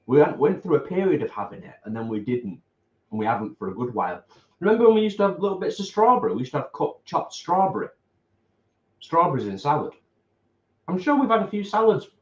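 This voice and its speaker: A man with a fairly high, sing-song voice talks fast while co-hosting a vegan livestream, eating at a table at home. He's relaxed and chatty as he reads viewer comments aloud. The room is echoey and the sound a bit dull.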